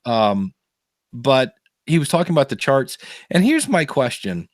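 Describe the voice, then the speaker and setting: A man's voice: medium pitch, very animated, unhurried, no echo, studio quality. A man co-hosting a podcast, telling stories in casual chat, laughing often. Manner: chatty storyteller, laughs often, many fillers. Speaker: podcast co-host.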